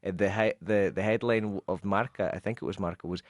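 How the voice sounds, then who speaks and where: A man's voice: lowish voice, steady tone, fast talker, dry recording, clean studio sound. A man with a Scottish accent, co-hosting a radio show and patiently explaining English expressions with examples, slipping into Spanish now and then. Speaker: radio co-host teaching English.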